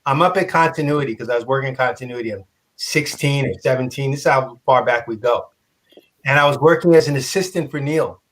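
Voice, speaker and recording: A man telling an animated, profane story on a convention panel, acting out quotes and laughing. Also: medium pitch, a little fast. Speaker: comic artist panelist.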